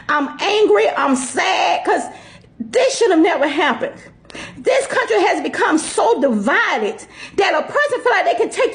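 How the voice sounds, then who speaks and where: A woman in a furious, profane rant on a social media video, laughing scornfully as she talks. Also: high voice. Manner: laughing scornfully while ranting.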